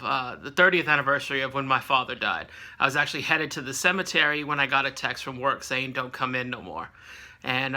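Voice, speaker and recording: Bright-voiced man in his late thirties. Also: medium pitch. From California. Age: late 30s. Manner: rambling, chatty, with frequent fillers and self-corrections. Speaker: book reviewer. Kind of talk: casual book review vlog.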